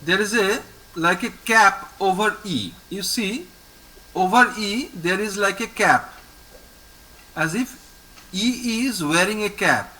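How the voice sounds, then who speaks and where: A male French teacher with an Indian English accent, patiently repeating each word slowly for a student in an online class. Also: high-pitched, sharp tone, faint music behind, rough recording. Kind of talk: online language lesson. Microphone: video call.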